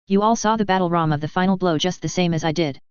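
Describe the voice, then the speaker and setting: A man's voice: high voice, quick pace, clear, resonant tone, no room sound, natural voice. A narrator voicing a brash, sardonic male mercenary commander in a spoken fan story, with a dull, lo-fi sound. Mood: cocky. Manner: cocky and sardonic. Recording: dull lo-fi dry audio.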